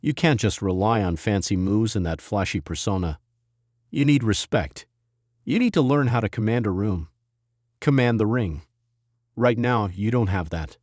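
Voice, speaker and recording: A man voicing a smug veteran wrestler guy, low and gruff, talks down to people, deep dry voice. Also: lively intonation, moderate pace, darkish tone, dry recording. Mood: condescending. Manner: condescending, lecturing.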